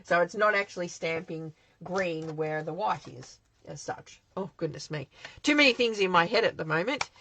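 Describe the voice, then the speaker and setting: A woman's voice: on the low side, expressive, normal speed, a bit bright, slight background noise, low-quality recording. An Australian woman hosting a live craft demonstration from her home craft shed, chatting in a rambling way and answering viewer comments as she works.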